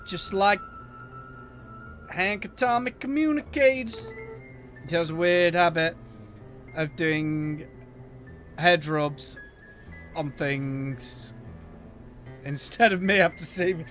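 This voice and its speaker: A man's voice: on the high side, lively intonation, slow, long pauses, fairly bright tone, soft background music. A man streaming a video game, reading the characters' lines aloud in playful put-on voices and joking between them. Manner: playful, puts on voices and jokes while reading. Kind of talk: let's play, reading game dialogue aloud.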